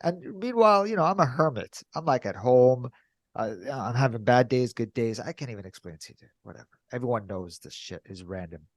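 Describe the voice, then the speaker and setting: A man with a mid-pitched voice tells a story on a podcast, recorded dry and close. He is animated and jumps up into a chirpy higher voice when he acts out greetings. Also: brisk, no room sound. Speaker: podcast co-host. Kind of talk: candid casual chat.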